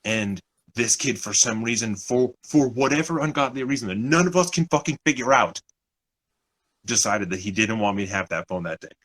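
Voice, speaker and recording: This clip has a young man co-hosting a podcast and telling a story in casual chat, acting out other people's lines and swearing a lot. His voice is medium in pitch, expressive and a little bright, at a moderate pace. The audio quality is poor.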